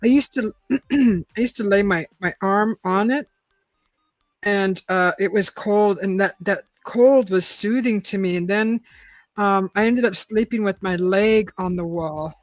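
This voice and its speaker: A woman's voice: mid-range voice, measured pace, no room sound, poor audio. Chatty woman on a dry, close mic. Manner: rambling and chatty, with frequent restarts and laughs. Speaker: host. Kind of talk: casual chat and reading aloud.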